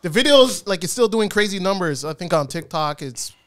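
A man's voice: sits high, fairly quick, no room sound. A man hosting a podcast, chatting casually and telling stories with lots of slang. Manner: animated storyteller, slangy. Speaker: podcast host. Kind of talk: casual chat.

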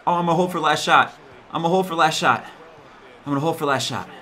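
A man's voice: fairly high pitch, quick pace, slight background noise. A man talking over his own basketball video game, cheering and groaning at the players and muttering to himself between plays. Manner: excitable, talks to the players on screen, swings from mutters to yells. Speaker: gaming YouTuber. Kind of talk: live gameplay commentary.

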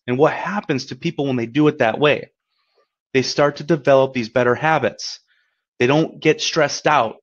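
A man's voice: mid-range voice, moderate pace, muffled recording. A man giving a webinar as a coach, talking in an upbeat, encouraging, conversational way, often checking in with "right?". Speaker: credit repair coach. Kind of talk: webinar presentation.

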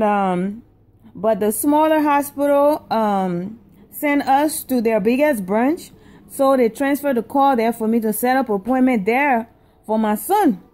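A woman's voice: high-pitched, a little mellow. A woman from Africa telling a comedic story as an indignant rant, repeating herself for emphasis.

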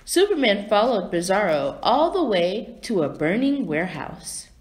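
Slow expressive woman reading a storybook. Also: medium pitch. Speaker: storybook reader. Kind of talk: children's read-aloud narration.

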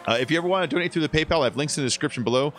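A man in his thirties livestreams a game from home, chatting casually in a very fast, fairly bright voice on the high side, with faint music behind. He's laid-back and rambling, swearing often as he talks.

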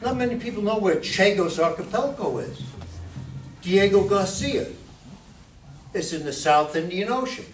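A man's voice: high voice, expressive, moderate pace, pauses often. A man giving an informal talk to a club meeting as a guest speaker, chatty and often asking the audience questions. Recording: echoey room, distant mic, faint noise.

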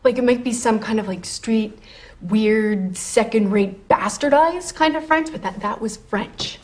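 An actress playing an earnest small-town police officer who pleads and argues. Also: female voice, on the high side, a little slow, close to an everyday voice.

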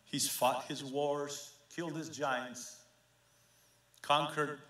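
A male pastor with a high, bright voice delivers a slow, impassioned sermon, swinging between hushed storytelling and fervent pleading. His words ring through an echoey church sanctuary. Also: level tone.

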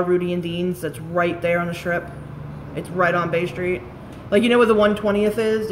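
A woman's voice: on the low side, slight background noise. A woman, rambling and swearing casually as she chats on a live stream about beauty products. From Staten Island, New York. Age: late 30s.

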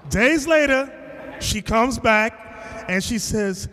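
A man preaching to a class, telling a story with lively acted-out quotes and bursts of shouting. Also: very high voice, slow pace, long reverb tail. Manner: animated storytelling, acting out quotes, shouting at times. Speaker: teacher. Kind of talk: sermon.

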